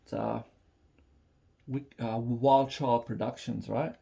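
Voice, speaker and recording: A man's voice: mid-range voice, steady tone, slow, vocal fry, dark tone, highs cut off. A man from Melbourne with an Australian accent, chatting casually and rambling with many fillers while reacting to music on a phone recording. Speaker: reaction video host.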